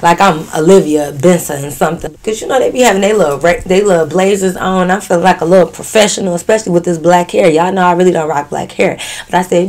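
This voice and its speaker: A woman vlogger telling a story in a casual storytime, blunt, profane and animated. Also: on the low side, a little fast.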